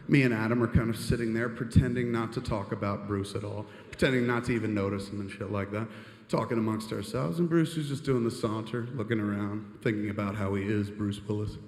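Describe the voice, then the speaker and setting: A man telling a long, animated anecdote on stage, rambling and swearing as he goes. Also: mid-range voice. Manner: animated, profane, rambling with "and shit". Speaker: storyteller on stage. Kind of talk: live storytelling monologue. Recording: long reverb of a live hall.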